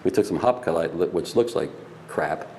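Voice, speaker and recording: A man's voice: low voice, moderate pace, warm tone, a little hiss or hum. An older man, a Navy veteran, telling rambling stories in a casual interview and laughing at his own pranks.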